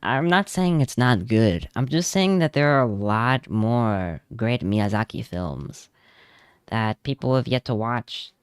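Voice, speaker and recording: A man's voice: medium pitch, lively intonation, a little slow, smooth, no echo. A young man streaming as a vtuber, chatting casually and telling rambling, self-amused stories while he draws at home on a close desk mic. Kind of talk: casual chat while drawing.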